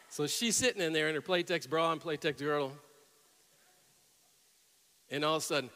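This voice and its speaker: A middle-aged male pastor preaching a sermon, telling stories and rising to loud, emphatic peaks. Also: fairly high pitch, a little fast, long pauses. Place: church sanctuary with long reverb. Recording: reverberant church hall.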